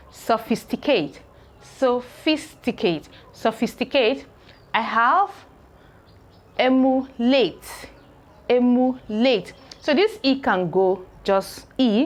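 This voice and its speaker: A woman teaching English pronunciation, saying each word slowly several times, breaking it into syllables and checking in with "okay?" between explanations. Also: medium pitch. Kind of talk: slow spoken pronunciation lesson.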